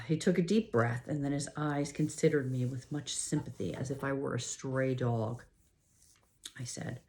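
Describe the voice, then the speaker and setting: A woman narrating a novel in the first person at a measured, steady pace. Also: rumbling low. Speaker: audiobook narrator.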